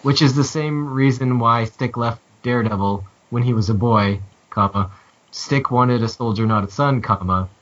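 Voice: medium pitch, moderate pace, recorded from a distance, slight background noise. A podcast co-host reading out listener feedback playfully, giggling over the punctuation. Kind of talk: casual podcast chat. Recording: muffled lo-fi podcast audio.

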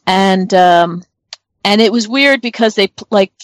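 A middle-aged woman from New Jersey chats on a podcast over a remote call. She rambles, thinks out loud and fills pauses with "um" and "uh." Her voice sits at an ordinary pitch for a woman and sounds close and dry, with no room around it. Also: no room sound. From northern New Jersey. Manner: rambling, thinks aloud with many fillers. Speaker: podcast co-host. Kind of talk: casual chat.

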